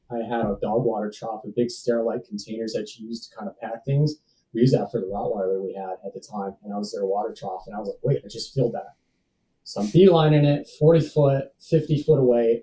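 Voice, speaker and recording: A man in his thirties, a safety professional, tells a personal story as a podcast guest, slangy and casual, calling people "dude" and "bro." His voice is mid-range with a dark tone. The mic is distant and the recording is rough.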